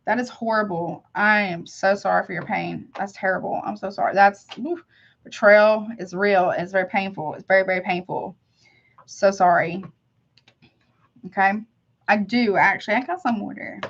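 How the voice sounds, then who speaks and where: A woman's voice: mid-range voice, fairly even intonation, normal speed, gravelly. A woman tarot reader hosting a live reading, talking in a casual, slangy, sympathetic way as she greets viewers and gives advice. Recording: slightly dull lo-fi audio.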